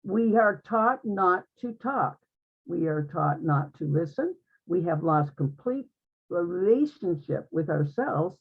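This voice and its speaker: A woman's voice: medium pitch, slightly rough. A woman giving an earnest, uplifting spiritual talk to an online group, often repeating her phrases. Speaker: guest speaker in an online group conversation. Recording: tinny phone-like line.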